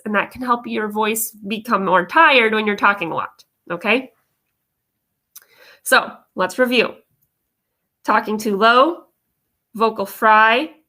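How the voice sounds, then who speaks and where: A woman's voice: fairly high pitch, pushed and bright. A woman vocal coach giving a chatty, upbeat live lesson on voice care, often checking in with her viewers. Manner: upbeat, chatty, addresses viewers directly with frequent check-ins.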